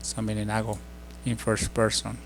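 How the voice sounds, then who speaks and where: A middle-aged man giving a casual spoken language lesson, explaining slowly with many fillers and restarts. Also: fairly low pitch, monotone, slight background noise. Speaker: language teacher.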